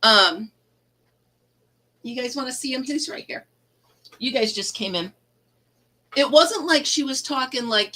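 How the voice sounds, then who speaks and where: A woman's voice: a little high, a little slow, pauses often, pushed and bright, poor audio. A middle-aged woman hosting a casual live chat, telling a funny story and laughing often. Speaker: livestream host.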